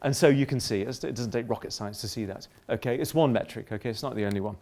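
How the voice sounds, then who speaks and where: A man's voice: mid-range voice, fast talker. Guy lecturing, kinda polemical, lots of asides and restarts. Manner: animated, polemical, self-interrupting with asides. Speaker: professor giving a public lecture. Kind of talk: public lecture.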